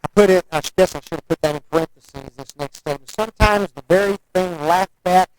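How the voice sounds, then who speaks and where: A man's voice: high-pitched, fairly quick, low-quality recording. A man preaching a sermon in a folksy, conversational way, often asking the listeners rhetorical questions.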